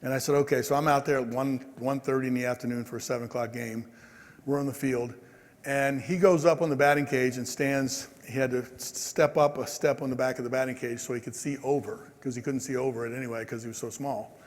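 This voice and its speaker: A man in his sixties giving a conference speech, telling stories in a lively way and acting out the people in them. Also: mid-range voice, a little fast. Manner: animated, acts out quoted people. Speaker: keynote speaker. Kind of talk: storytelling speech. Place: large convention hall. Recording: long hall reverb.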